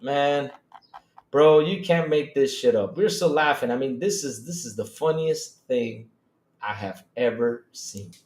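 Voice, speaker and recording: A man hosting a live-stream gaming podcast, loud and excitable, swearing often. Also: medium pitch, unhurried. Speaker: podcast host. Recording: roomy echo.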